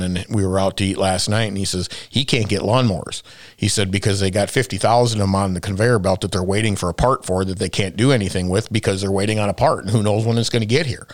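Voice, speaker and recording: A man's voice: sits low, dry recording. A man hosting a casual work chat, rambling through stories and asking many questions. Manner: chatty, rambling, asks lots of questions.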